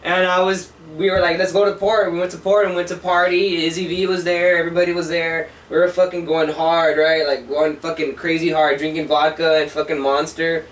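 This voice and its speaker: In a casual chat with a friend, a co-host in his twenties rattles off rambling, profane stories with animated retelling, using a fairly high voice, a slightly fast pace, and hardly any pauses. The sound is distant and echoey, with faint hiss.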